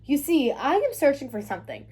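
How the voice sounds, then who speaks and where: A woman's voice: very animated, fairly quick, a little mellow. A woman voicing a sad, determined little female kitten for a storybook reading. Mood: weary pleading. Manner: high, plaintive asking.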